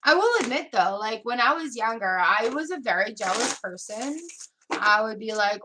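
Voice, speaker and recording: A woman's voice: a little high, expressive, moderate pace, noisy background. A woman giving a live tarot reading, chatting casually and laughing often. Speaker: tarot reader.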